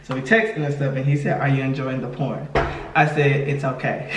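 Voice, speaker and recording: In a mid-range voice at a slightly fast clip, a podcast co-host recounts a story in easy conversation, acting out what others said and laughing frequently. The echoey room is recorded from afar, with background noise.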